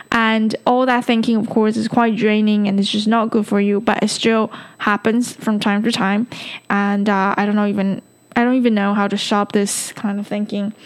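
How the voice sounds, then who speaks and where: A woman hosting her own podcast alone, rambling casually with many ums and frequent laughter, a little tipsy. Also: on the high side. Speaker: podcast host. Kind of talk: casual solo podcast monologue.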